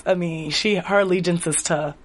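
A woman's voice: fairly low pitch, fairly even intonation, moderate pace. A woman co-hosting a casual TV recap chat, giggly and jokey. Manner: giggly, jokey, acts out characters' lines. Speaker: TV recap podcast co-host.

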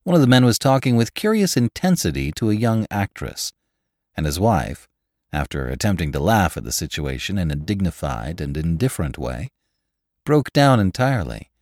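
A man narrating a classic novel in an expressive, measured reading. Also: sits low, dry recording, clean studio sound. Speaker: audiobook narrator.

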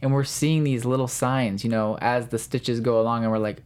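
A man talking casually as a co-host, recapping a TV show with lively energy. He slips into quick bits of the characters' voices as he tells the story. His voice sits at an ordinary pitch for a man. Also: clean tone. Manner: animated, acts out characters' lines in quotes. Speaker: podcast co-host.

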